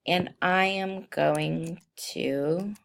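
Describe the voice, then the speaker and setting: A woman walking through software steps in a screencast tutorial, unhurried and thinking aloud with frequent ums. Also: lowish voice, vocal fry. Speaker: teacher demonstrating software.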